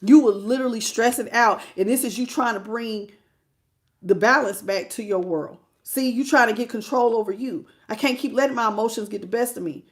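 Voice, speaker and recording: A woman reads tarot live for her viewers. Her voice sits a little high, and she talks in a chatty, animated way that keeps spilling into emotion, as if she is close to tears. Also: a little fast. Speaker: tarot reader.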